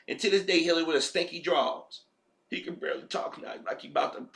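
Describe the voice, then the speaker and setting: A man's voice: on the high side, fast, creaky, fairly bright tone. Heated, profane man ranting. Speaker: vlogger. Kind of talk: ranting commentary.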